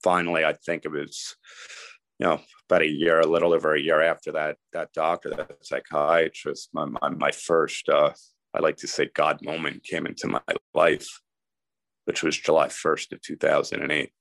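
A man's voice: rumbling low, flat delivery, moderate pace, gravelly, a bit bright, no echo. A middle-aged man telling his personal story candidly and conversationally as a podcast guest.

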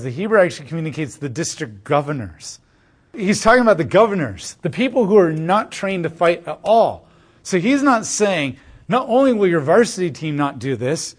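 Guy teaching scripture, kinda high voice, acts out the quotes, points at a map. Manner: animated, dramatizes quotes. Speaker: preacher. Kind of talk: expository Bible teaching. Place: room with a wall map.

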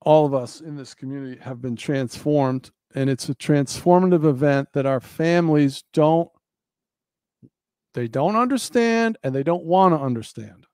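A man's voice: fairly high pitch, unhurried, a little mellow, smooth, no echo. A man giving an earnest, preacherly monologue, repeating phrases for emphasis. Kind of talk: impassioned monologue.

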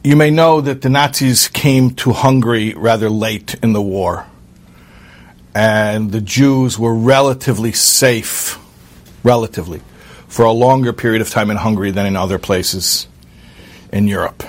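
A man telling a true story aloud in an earnest, halting way, with fillers and restarts. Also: on the low side. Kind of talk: spoken storytelling.

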